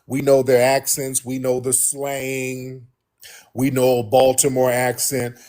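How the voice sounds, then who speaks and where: An American man hosts a casual commentary for his viewers, talking straight to them. He is emphatic and repeats himself, keeps calling the audience family, and his voice swings up high in pitch. His voice sits at a middle pitch for a man. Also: monotone, slow pace, darkish tone. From United States. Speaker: host.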